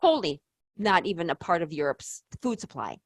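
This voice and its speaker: Rambling, emphatic woman, low voice. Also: big pitch swings, fairly quick, no echo. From United States. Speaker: health channel host. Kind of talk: casual health talk.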